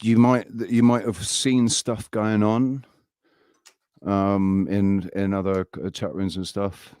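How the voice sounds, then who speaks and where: A man hosting a live stream, ranting in a heated, halting way and swearing often. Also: on the low side, little pitch movement, a little mellow, smooth, no room sound, clean studio sound. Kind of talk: casual live-stream chat.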